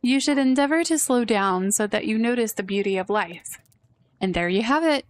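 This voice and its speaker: A woman voicing a pompous, theatrical game character who hands out grand advice in a drawn-out, condescending way. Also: fairly high pitch, lively intonation, close to an everyday voice. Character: pompous theatrical tea-drinking advice giver.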